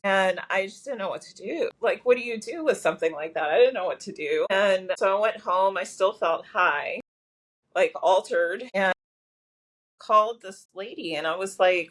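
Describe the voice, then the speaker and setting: A woman's voice: mid-range voice, moderate pace. A woman guest telling a personal story in a podcast interview, talkative, with lots of fillers and restarts. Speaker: guest, massage therapist.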